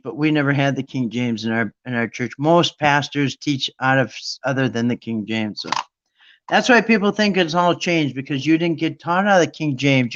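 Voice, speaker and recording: A man's voice: a little high, fairly bright tone, lo-fi sound. A man hosting a Bible study talk, ranting with sarcasm in a rambling, casual monologue.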